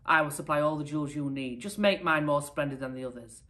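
A woman reading a storybook aloud, voicing a greedy male trade minister who makes loud demands. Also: low-pitched, fast, far from the mic. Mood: demanding.

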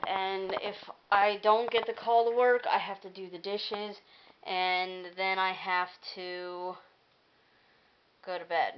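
A woman's voice: mid-range voice, fairly even intonation, slow pace, muffled recording, slight background noise. A young woman chatting casually on a vlog, rambling and venting about her week, laughing and swearing as she goes. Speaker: vlogger.

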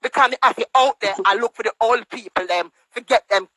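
Her delivery is brisk, with hardly any pauses, and her voice is a little bright. In a furious live-stream rant over the phone, this Jamaican woman scolds in patois and mocks people with higher-pitched quotes, all captured in a dry, poor-quality recording.

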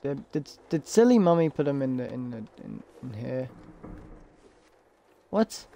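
A let's play gamer commentates a horror game, jumpy and prone to startled shrieks, and talks directly to the game's characters. His medium-pitched voice is warm and very animated, a little slow, with vocal fry.

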